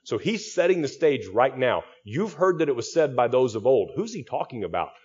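A man's voice: mid-range voice, very animated, normal speed, a little mellow, husky, highs cut off. A male pastor giving an expository sermon, teaching through a text with frequent restarts and repeated words.

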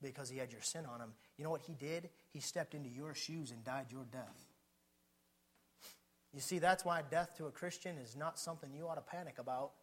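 With quick delivery, a man preaches passionately, questioning his audience and alternating between subdued murmurs and loud shouting.

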